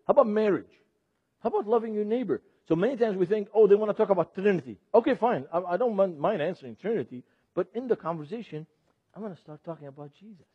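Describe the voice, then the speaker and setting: A middle-aged Lebanese ministry speaker teaches an audience sermon-style, animated, laughing often and putting questions to the crowd. His voice is high-pitched and slightly rough, with no echo, in a dull, dry lo-fi recording.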